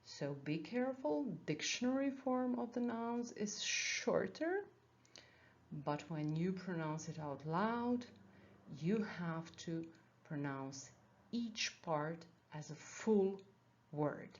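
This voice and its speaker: A woman's voice: mid-range voice, animated, takes it slowly, dull audio. A woman teacher giving a patient Latin grammar lesson, explaining step by step and repeating key points for learners.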